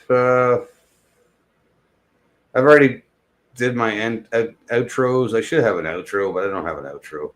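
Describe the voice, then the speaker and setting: A man's voice: mid-range voice, unhurried, long pauses. A middle-aged man chatting casually on a live stream in a rambling, jokey way, with lots of swearing.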